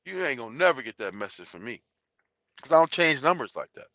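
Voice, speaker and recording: A man's voice: medium pitch, very animated, fast talker, pushed and bright, no room sound. A man hosting a live stream, talking bluntly and profanely in a rambling way with many restarts. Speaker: YouTube channel host. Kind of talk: live stream talk reading chat. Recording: dull lo-fi sound.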